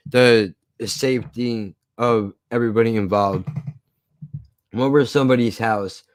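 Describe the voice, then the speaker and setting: A man's voice: medium pitch, dry recording. A man casually telling a story from his past, swearing often and acting out the argument. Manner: profane, animated retelling.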